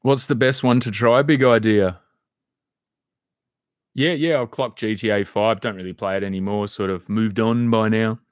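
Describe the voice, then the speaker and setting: A man's voice: fairly low pitch, fairly even intonation, normal speed, clear, resonant tone, no echo, clean studio sound. A man hosting a live stream, answering viewer comments in a loose, rambling chat and swearing now and then. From Australia.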